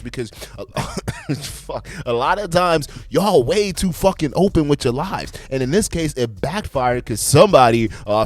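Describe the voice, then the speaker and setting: A man hosting a reaction video, giving blunt, profane commentary and lecturing his viewers in a loose, animated way. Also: mid-range voice, no echo.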